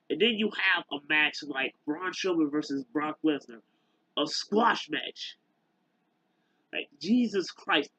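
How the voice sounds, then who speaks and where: A man with a slightly raised, husky voice rants casually to camera, trailing off and starting over again and again. His pitch leaps around as he talks. The recording is dry and a bit dull, like a cheap home mic. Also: sharp tone, no echo. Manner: rambling, halting, many fillers and restarts. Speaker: YouTuber.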